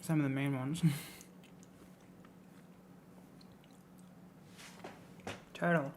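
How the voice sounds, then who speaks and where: A young woman with a British accent chats loosely to her viewers in a low-pitched voice. Her sentences wander and often drop away softly at the end. A faint background ambience sits under the talk. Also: fairly even intonation, very slow, a little hiss or hum. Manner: rambling, trails off quietly at ends of phrases. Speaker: streamer. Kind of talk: casual live-stream chat.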